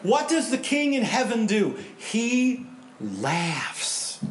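A male pastor preaching a sermon, animated storytelling that swings between loud and hushed. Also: very high voice, slow pace, reverberant, a little hiss or hum.

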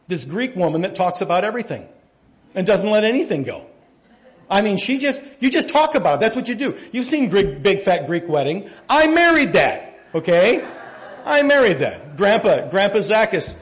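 A man preaching a sermon, telling folksy stories and jokes, his volume swinging from quiet to loud as he gets animated. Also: fairly high pitch. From United States. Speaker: pastor.

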